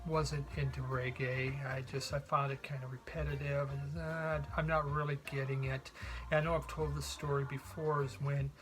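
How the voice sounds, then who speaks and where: A middle-aged man hosting a casual vlog about records, telling stories in a relaxed, rambling way. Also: medium pitch, normal speed, poor audio. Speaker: vinyl record collector host.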